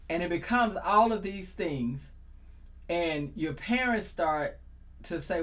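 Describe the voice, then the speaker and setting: A woman's voice: lowish voice, unhurried, a bit bright. A middle-aged woman hosting a casual talk show, exuberant and joking, speaking. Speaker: host.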